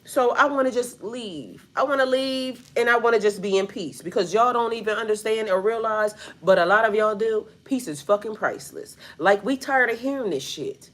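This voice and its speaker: Her voice is on the high side and fairly bright, and she keeps a moderate pace with hardly any pauses. This spiritual reader speaks casually and directly to viewers, cursing bluntly, saying "like" constantly, and calling everyone "y'all."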